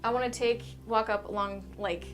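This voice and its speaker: Higher-voiced woman playing d&d, chatty, music in the background. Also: steady tone, normal speed. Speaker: player. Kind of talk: casual tabletop game chat.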